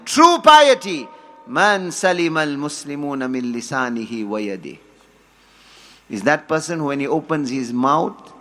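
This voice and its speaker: Guy preaching, high bright voice, storytelling and then hammering points home. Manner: storytelling, quotes Arabic, rises to forceful emphasis. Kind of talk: sermon.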